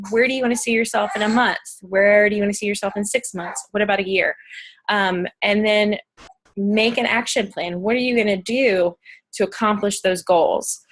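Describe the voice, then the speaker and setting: A woman's voice: mid-range voice, fairly bright tone. A woman from Pennsylvania hosting a casual goal-setting video call, bubbly and chatty with many fillers.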